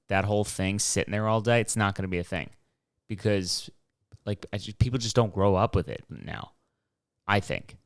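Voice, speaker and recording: A man's voice: deep voice, clean tone, no room sound, clean studio sound. A young man hosting his own show, rambling casually through a story, swearing freely and acting out what people said. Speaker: podcast host. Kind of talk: casual solo rambling monologue.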